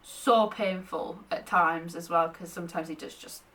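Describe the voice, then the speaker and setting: A woman's voice: lowish voice, steady tone, moderate pace, fairly bright tone, recorded from a distance. A young woman in pregnancy, chatting casually to camera and often short of breath, laughing between thoughts. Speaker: vlogger sharing pregnancy updates.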